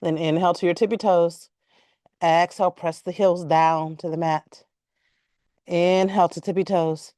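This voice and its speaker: A woman teaching a yoga class, giving calm, measured cues timed to the breath and stretching out repeated words. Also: on the low side, dry recording, studio quality. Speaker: yoga instructor.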